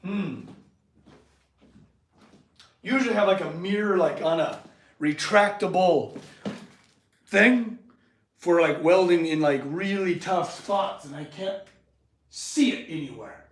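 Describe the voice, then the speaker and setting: A Californian blacksmith streams from his metal workshop in a high-pitched voice, speaking slowly and pausing often. It's a casual livestream where he chats loosely with viewers and fusses over his dogs.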